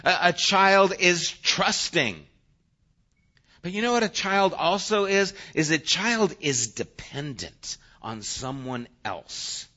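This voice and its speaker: A middle-aged man preaching a conversational sermon as a pastor, swinging from loud emphasis to hushed asides. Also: sits high, expressive, slow, dull audio.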